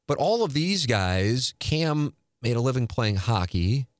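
A man's voice: medium pitch, big pitch swings, a little slow, no room sound, clean studio sound. A man in his forties hosting a casual talk show, rambling and restarting sentences with candid, profane asides. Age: 40s. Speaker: podcast host. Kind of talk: casual chat.

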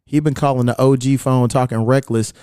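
A man's voice: medium pitch, steady tone, a little fast, mellow, clean tone, no echo, clean studio sound. A man hosting a podcast, telling a story in casual chat, cursing freely and quoting messages aloud with amusement. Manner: profane, amused, quotes texts aloud. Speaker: podcast host.

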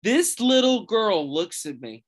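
A man's voice: high-pitched, sing-song, a little slow. A man guesting on a podcast, telling funny stories in casual chat and swearing freely. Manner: comic storyteller, swears freely.

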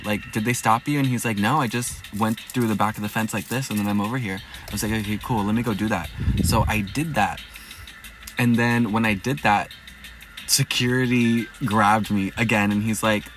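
A young man hosting a podcast, retelling a night out in a loud, profane, dramatic way. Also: lowish voice. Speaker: podcast host. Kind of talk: casual storytelling podcast.

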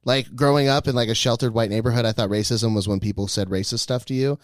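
A man's voice: medium pitch, fairly even intonation, fast, dry recording, studio quality. A man joking and rambling on a casual comedy podcast.

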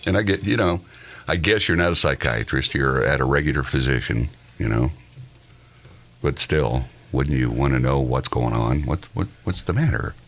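A man's voice: a bass voice, animated, normal speed, fairly bright tone. A man hosting a morning radio show, reading news items in a casual way and laughing often. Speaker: host.

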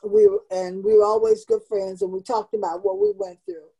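A woman's voice: medium pitch, expressive, moderate pace, vocal fry, mellow, slightly rough, poor audio. A woman in her seventies, a community founder, telling her life story in an interview with earnest, emotional emphasis. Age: 70s.

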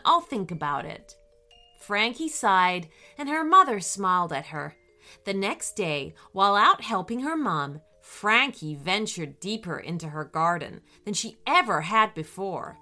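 A woman narrating a children's bedtime story with an animated, expressive delivery. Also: mid-range voice.

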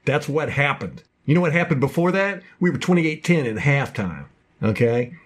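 A man co-hosting a casual sports podcast, ranting passionately in fast bursts about his local team. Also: mid-range voice, lively intonation. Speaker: podcast co-host.

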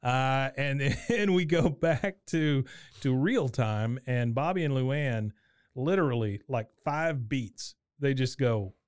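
A man's voice: mid-range voice, lively intonation, slow, a little mellow, clean tone, no echo, studio quality. A man co-hosting a podcast, chatting casually and acting out the scenes he retells by slipping into quoted voices. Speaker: podcast co-host. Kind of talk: casual recap chat.

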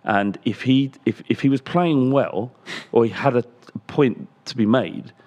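A man's voice: mid-range voice, measured pace, a little mellow, highs cut off. A man co-hosting a casual football podcast, thinking aloud with frequent restarts as he analyses players. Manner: thoughtful, many restarts, analytical. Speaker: podcast co-host, football pundit.

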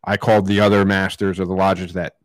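A man's voice: low voice, little pitch movement, brisk, dry recording. A man co-hosting a podcast, telling a story in a matter-of-fact way. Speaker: podcast co-host. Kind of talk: casual storytelling chat.

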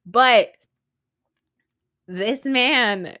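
A woman's voice: a little high, extremely slow, bright, forceful tone, no room sound. A young woman hosting a podcast, recapping reality TV in a chatty, swearing, laugh-prone way full of "like". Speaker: podcast host. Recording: dry close-mic podcast audio.

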